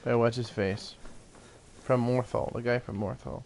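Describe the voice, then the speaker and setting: A gaming YouTuber rambles casually while playing a video game, laughing a lot and occasionally swearing. His voice is medium-pitched, steady, gravelly and somewhat dark, and he speaks unhurriedly over slight background noise.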